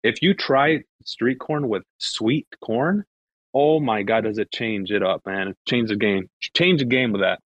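A man's voice: on the low side, unhurried, no echo, highs cut off. A man in a casual online group chat, talking in a brash, emphatic way full of swearing. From Mexican family background. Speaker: guest.

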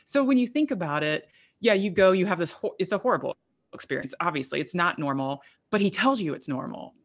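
A woman co-hosting a true-crime podcast, talking in a thoughtful, measured way. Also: lowish voice, lively intonation. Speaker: podcast co-host producer. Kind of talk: conversational true-crime discussion.

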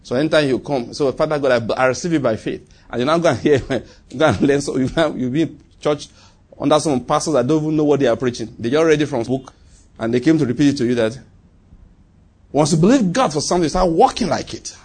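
Emphatic preacher, husky man. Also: on the high side, lively intonation, fast. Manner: emphatic, repeats phrases, swings from loud to quiet. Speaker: pastor. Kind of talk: sermon.

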